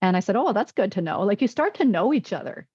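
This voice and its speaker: A woman's voice: medium pitch, big pitch swings, fast, a little mellow, husky, no echo, dull audio. A woman physician and wellness coach in a podcast interview, telling stories and acting out quoted dialogue.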